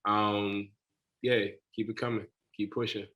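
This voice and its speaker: A man's voice: lowish voice, little pitch movement, unhurried, fairly bright tone, roomy sound, muffled recording. A man judging a talent show, giving hesitant feedback full of fillers.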